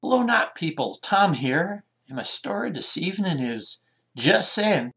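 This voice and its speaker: A man tells a short story slowly and with plenty of rise and fall in his voice. He adds relaxed, musing asides to the listener between the lines. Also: high-pitched, creaky. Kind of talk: story reading.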